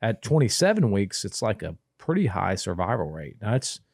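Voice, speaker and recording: A man, his voice sitting a little low, tells a winding story with many restarts and quoted exchanges. It is casual podcast talk, recorded close and dry with no room sound. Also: big pitch swings, normal speed, creaky, darkish tone, slightly rough, no echo. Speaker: guest telling a family story.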